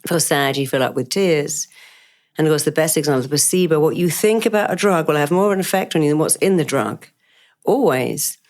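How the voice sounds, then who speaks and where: A woman guest, a therapist, telling animated stories from her work in an interview. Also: low-pitched, brisk. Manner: animated, emphatic, quotes herself. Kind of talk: interview storytelling.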